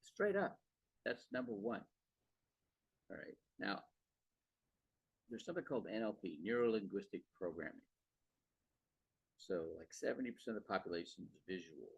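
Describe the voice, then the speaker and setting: Husky deep-voiced man, rambling sales talk. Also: expressive, normal speed, long pauses, no room sound. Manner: rambling, repeats words, frequent "okay" and "right". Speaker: podcast host. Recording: dull, dry lo-fi sound.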